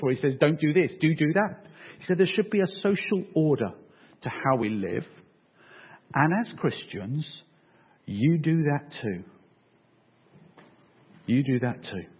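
A man's voice: medium pitch, breathy edge, narrow, tinny audio. A man preaching a sermon in a casual, conversational way, often checking in with his listeners.

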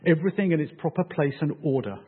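A man's voice: a little high, fast, slightly rough, narrow, tinny audio. A man preaching a sermon in a casual, conversational way, often checking in with his listeners.

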